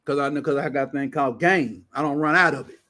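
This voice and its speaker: Man ranting on his show, high voice, blunt, profane, heavy slang. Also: fast talker, pushed and bright. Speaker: show host. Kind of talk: profane casual rant.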